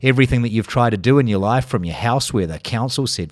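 A man's voice: medium pitch, fast talker, hardly any pauses, no room sound, studio quality. A middle-aged Australian man hosting a solo podcast, ranting sarcastically with lots of swearing. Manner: sarcastic, profane, exasperated ranting. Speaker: podcast host.

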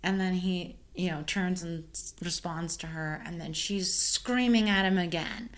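A woman caterer chatting casually and telling an animated story, full of "like" fillers. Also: lowish voice, unhurried. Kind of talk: casual chat.

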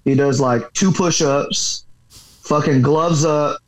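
A man who fights for a living and teaches boxing, telling a story in a loose, rambling interview. He swears freely and keeps reaching for filler words as he talks. His voice sits a little higher than most men's. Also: slow pace, poor audio. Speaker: professional fighter and boxing coach.

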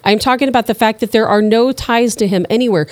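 A woman co-hosts a casual panel talk show, pressing her points emphatically. Her voice sits a little high for a woman and sounds dry and close. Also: quick pace, darkish tone, no echo. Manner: emphatic, insistent. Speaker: co-host.

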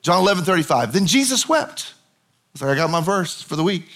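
A man with a notably high speaking voice preaches a sermon and retells a Bible story. He speaks conversationally with lively storytelling and the odd casual aside to the congregation. His delivery is warm toward listeners but informal. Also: fairly quick. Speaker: pastor.

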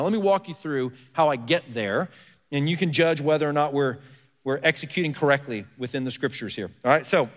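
A pastor with a slightly high voice preaches in a conversational way, putting questions to the congregation and stressing key words. His voice trails off into the long reverb of a large church hall. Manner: conversational preaching with rhetorical questions and shifting emphasis. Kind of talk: sermon. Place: church sanctuary.

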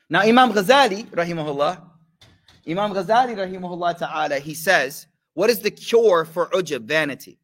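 A man's voice: fairly high pitch, brisk. Slangy man teaching a study circle. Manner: slangy, animated, asks the audience questions; mixes in recited religious phrases. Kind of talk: casual sermon to a live group.

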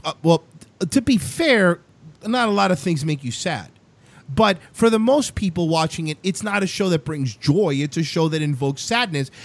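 A young adult man hosting a casual talk show, ranting emphatically and swearing often. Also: a little high. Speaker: show host.

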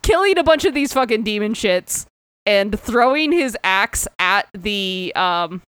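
A woman's voice: medium pitch, expressive, measured pace, fairly bright tone, clean tone, no echo. A woman co-hosting a podcast, retelling a comic in casual chat, giggling and swearing as she rambles. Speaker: podcast co-host.

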